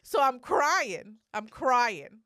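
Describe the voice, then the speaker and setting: A woman co-hosting a podcast in casual chat, frank and blunt, quick to agree. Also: sits high, big pitch swings, bright, forceful tone. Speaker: podcast co-host.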